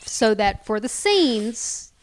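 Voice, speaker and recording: A woman's voice: a little high, very animated, extremely slow. Chatty woman cohosting a podcast, talks casually, trails off a lot. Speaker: podcast co-host. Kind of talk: casual chat.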